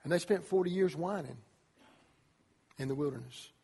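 A man preaching a sermon to young people as a youth pastor, animated, acting out voices as he tells the story. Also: on the high side, normal speed, creaky, husky. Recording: long reverb of a large hall.

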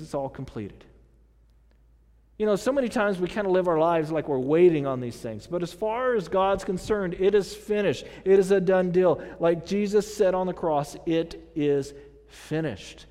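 High-voiced man preaching in a hall. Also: darkish tone. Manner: conversational, repeats phrases, many fillers. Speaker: pastor. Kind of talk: sermon.

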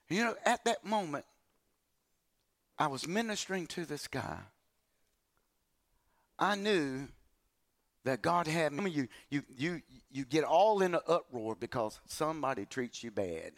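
A male preacher with a high voice, telling a story from his own life in a sermon at church. His pitch swings widely as he acts out the other people's lines and repeats words while building up his points. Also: animated, unhurried, pauses often.

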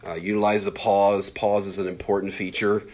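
A man in his forties, a pastor teaching a Bible class in a casual, fast-talking way, full of fillers and acted-out asides. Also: on the low side, level tone, a little mellow. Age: 40s.

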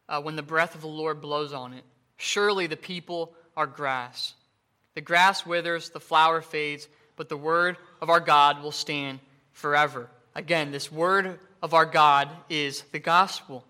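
A man preaching a sermon, earnest, with frequent fillers and restarts, slowing down and lifting his voice to stress the scripture he reads. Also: a little high, steady tone, pushed and bright.

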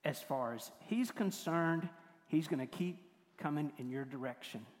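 An older man preaches a sermon in a slightly high voice. He moves between emphatic, raised points and quiet, tender asides. His voice carries a long reverb from a large hall. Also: moderate pace. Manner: shifts from forceful to hushed and tender. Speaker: pastor.

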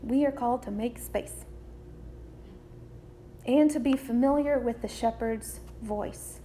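Woman preaching a sermon, high voice, slow and deliberate, faint hiss behind. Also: warm tone. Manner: measured, deliberate phrasing with repetition.

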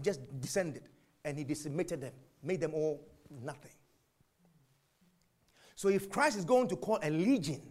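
A man preaching a sermon, asking and answering his own questions, jumping from shouts to whispers. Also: fairly high pitch, slightly rough. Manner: animated, swings from shouts to whispers.

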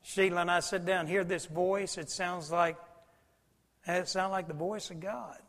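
High-voiced preacher in a hall. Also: male voice, steady tone, unhurried. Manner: folksy storytelling, swings between loud and hushed. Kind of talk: sermon. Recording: long hall reverb.

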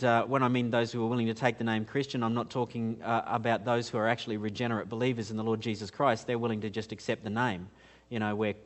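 A man with a non-American accent giving an earnest teaching talk at a church conference, full of rhetorical questions and filler words. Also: mid-range voice. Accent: foreign to America. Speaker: conference speaker.

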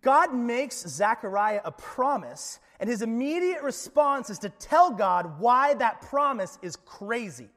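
A man's voice: very high voice, big pitch swings, measured pace, few pauses, fairly bright tone, in a large hall. A man preaching a sermon as pastor, conversational and joking, often checking in with the congregation. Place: church.

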